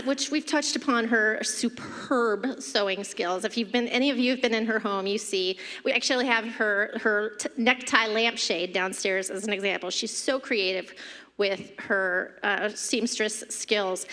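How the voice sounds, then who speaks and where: Middle-aged woman telling stories in reverberant church. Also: on the high side. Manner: warm anecdotal delivery, laughing between stories. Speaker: daughter giving a eulogy. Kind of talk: humorous memorial storytelling. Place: church sanctuary.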